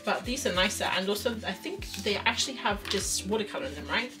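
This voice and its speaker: With lively intonation and a fast pace, a young art streamer chats away during her drawing stream, reading messages from chat. Her mid-range voice comes from a distance, slightly off-mic, with faint music underneath.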